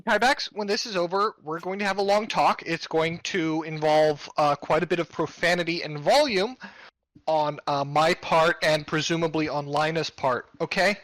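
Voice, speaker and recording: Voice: mid-range voice, moderate pace, a bit bright, no room sound, rough recording. Brief: stern tabletop player, wry tone, dry close sound. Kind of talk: casual tabletop play.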